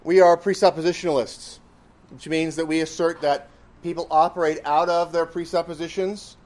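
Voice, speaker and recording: A man's voice: fairly high pitch, level tone, normal speed, darkish tone. A man preaching a sermon, reasoning through his points step by step with emphasis. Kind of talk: sermon teaching.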